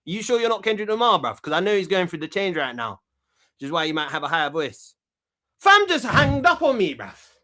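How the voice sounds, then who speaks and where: A man's voice: high-pitched, big pitch swings, brisk, bright, forceful tone. A man hosting a comedy talk show, rambling cockily and repeating himself. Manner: cocky, rambling, slang-heavy, repeats himself. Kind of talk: comic talk show monologue.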